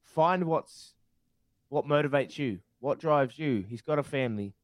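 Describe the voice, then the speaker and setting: A man's voice: medium pitch, expressive, measured pace, dry recording. A man co-hosting a casual sports chat, speaking reflectively and repeating himself as he searches for words. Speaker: co-host.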